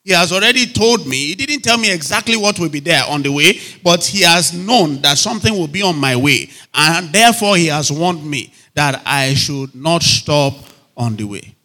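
Bright-voiced man preaching a sermon. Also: a little high, animated, normal speed. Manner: emphatic, repeats phrases, asks the audience if they are still there.

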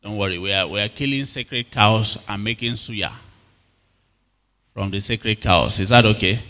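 Nigerian pastor preaching in a reverberant hall. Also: male voice, on the low side, normal speed, pushed and bright. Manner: call-and-response questions to the congregation. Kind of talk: sermon.

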